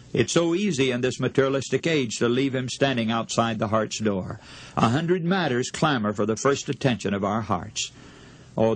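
A man preaching a radio sermon in an earnest, impassioned way, slowing down for dramatic pauses. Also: fairly low pitch.

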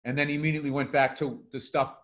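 A middle-aged man co-hosting a loose podcast chat. He tells stories with a lot of swearing, drops into little voices for quoted lines, and keeps a steady, middling pitch. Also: rapid-fire. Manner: animated storytelling, swearing, acts out quotes. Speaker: podcast co-host, comedian.

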